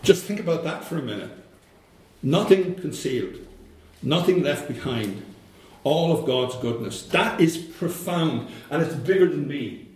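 A man preaching a sermon, slow and emphatic, repeating phrases for weight. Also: on the high side, animated, a little mellow. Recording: very echoey room.

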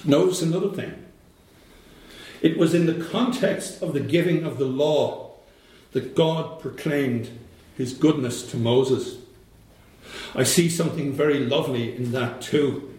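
A man preaching a sermon, slow and emphatic, repeating phrases for weight. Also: on the high side, darkish tone. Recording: very echoey room.

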